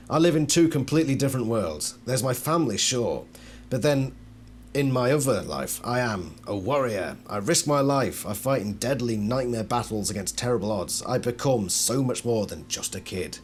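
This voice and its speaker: A man hosting a video, reading out card texts and breaking off with wry, skeptical asides that trail off into quiet mutters. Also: medium pitch, expressive, normal speed, a little hiss or hum. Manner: wry, skeptical asides between read-out passages. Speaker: channel host reviewing collectible cards. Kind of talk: casual commentary mixed with reading aloud.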